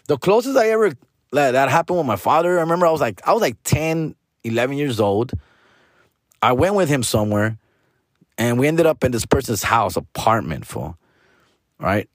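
A man's voice: mid-range voice, very animated, normal speed. A man in his forties with a Chicano Los Angeles accent rambles through a profane, slangy story, dropping Spanish words and "fool" and "dog" into nearly every line. His voice sits in a middle range. The sound is close and dry, with no room echo. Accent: Chicano English from Los Angeles. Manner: rambling, trails off and restarts, says "fool" and "dog" often. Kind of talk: casual storytelling monologue.

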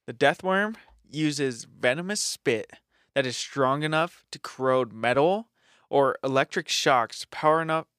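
A young man with a mid-pitched voice reads cryptid facts on a podcast in a relaxed, offhand way, swearing casually and breaking into laughs. The sound is dry and close to the microphone. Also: clear, resonant tone, no echo. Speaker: podcast co-host.

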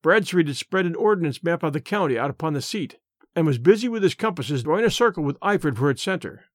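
A man narrating a classic story in a measured, expressive audiobook style. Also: fairly high pitch, dry recording, studio quality.

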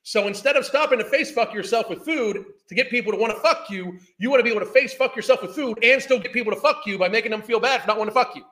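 A man's voice: extremely high pitch, quick pace, few pauses, pushed and bright. Profane, heated man in his fifties. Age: 50s. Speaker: podcast host. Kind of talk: ranting commentary.

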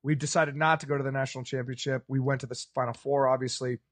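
A man's voice: mid-range voice, quick pace. A man co-hosting a casual sports podcast, telling stories with animation and acting out the reactions of people around him. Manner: animated storyteller, acts out bar crowd reactions.

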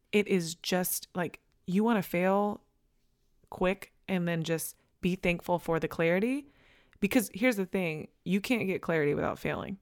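A woman in her thirties giving a candid, emphatic motivational talk to camera, swearing casually and leaning on fillers. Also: on the low side. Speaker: vlogger.

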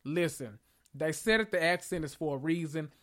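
A man's voice: a little high, normal speed. A man casually recapping a TV episode, sassy and profane, telling it like gossip. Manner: sassy, profane, animated storytelling with slang.

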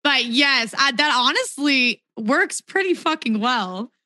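Woman, podcast host, enthusiastic, casual, higher voice, dry sound. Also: expressive, slow pace, sharp tone, no room sound, poor audio. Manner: enthusiastic, upbeat. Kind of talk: casual interview conversation.

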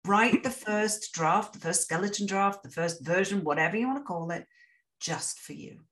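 A woman author talking candidly in a casual interview, self-deprecating and quick to laugh. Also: mid-range voice, fairly bright tone. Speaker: author guest.

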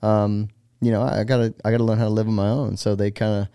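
Gravelly laid-back man telling stories. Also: fairly low pitch, level tone, quick pace, mellow, no room sound, studio quality. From United States. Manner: rambling, filler-heavy, laid-back. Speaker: guest, pro BMX rider. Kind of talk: casual podcast interview storytelling.

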